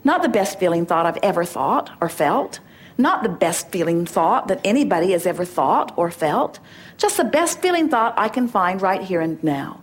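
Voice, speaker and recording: A woman's voice: lowish voice, very animated, normal speed. A middle-aged woman addresses a gathering with an inspirational talk. She is emphatic and playful, slipping into short acted dialogues to drive her points home. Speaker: spiritual teacher.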